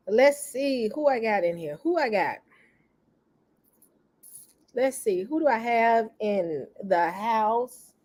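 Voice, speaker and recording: A middle-aged woman with a fairly low, warm voice runs a casual livestream chat. She's relaxed, greets viewers over and over as they come in, and coughs every so often.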